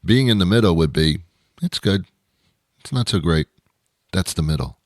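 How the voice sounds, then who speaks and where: Host, male, very low voice, dry close sound, wry rambling monologue. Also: lively intonation, no echo. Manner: wry, rambling, with dramatic pauses. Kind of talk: comedic monologue.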